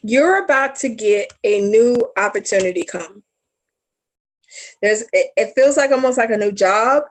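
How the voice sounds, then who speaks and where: A woman's voice: on the high side, measured pace, rough recording. Blunt, swearing woman. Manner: blunt, swears freely, laughs at own slips. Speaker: psychic reader. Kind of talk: casual live stream chat.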